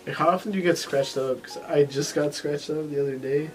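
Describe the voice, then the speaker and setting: A man's voice: on the high side, steady tone, brisk, faint music behind, rough recording. Rambling, profane young man in casual chat. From family ties to Texas. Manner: rambling, profane, many fillers. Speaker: podcast host.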